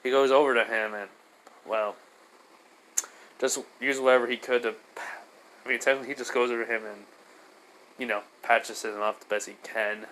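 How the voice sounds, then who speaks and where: A man's voice: mid-range voice, fairly even intonation, normal speed, long pauses, fairly bright tone, slight background noise, low-quality recording. Man, casual story retelling, rambling, fillers, restarts.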